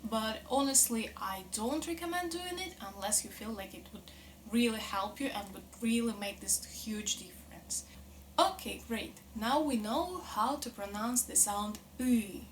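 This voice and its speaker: Slow, patient woman teaching pronunciation. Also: fairly high pitch, slight background noise. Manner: patient, drills sounds slowly and repeats them. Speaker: language teacher. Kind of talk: pronunciation lesson.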